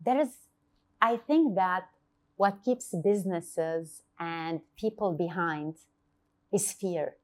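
A woman guest on a podcast, telling an anecdote in lively fashion, acting out quoted lines with many fillers and restarts. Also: fairly low pitch, slow pace. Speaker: marketing agency founder, guest. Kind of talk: casual podcast interview.

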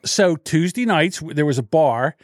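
Animated South Jersey man, mocking and high. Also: moderate pace, no echo, studio quality. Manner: animated, mocking, profane storyteller. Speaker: podcast co-host. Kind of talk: casual podcast banter.

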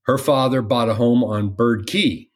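A man hosting a relaxed interview, his voice sitting at an ordinary middle pitch. He asks friendly, leading questions and chuckles along with his guests. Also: unhurried. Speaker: interview host. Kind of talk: casual interview chat.

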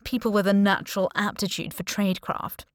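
A woman's voice: medium pitch, steady tone, brisk, no room sound, natural voice. A smug spy boss who talks down to everyone, mocking and cool, voiced plainly by a woman reading an audiobook. The delivery is dry and close, with no room sound around it. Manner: mocking, condescending.

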